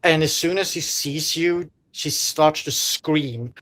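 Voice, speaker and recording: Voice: mid-range voice, slow pace, fairly bright tone. A game master narrating a horror tabletop game, describing scenes in a loose, rambling way with lots of fillers and restarts.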